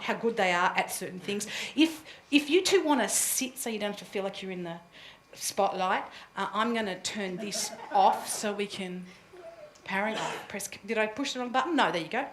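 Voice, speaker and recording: A woman coaching a room full of people in a live workshop, chatty and quick to laugh. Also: medium pitch, a little hiss or hum. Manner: lively, chatty, laughs easily. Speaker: presentation coach. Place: room with an audience. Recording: echoey room.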